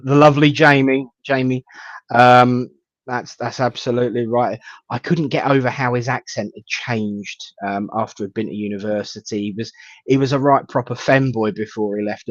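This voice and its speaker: A man, a reverend hosting a casual live chat, rambling warmly and greeting viewers by name. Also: mid-range voice, no echo. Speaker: host, reverend. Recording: dull lo-fi sound.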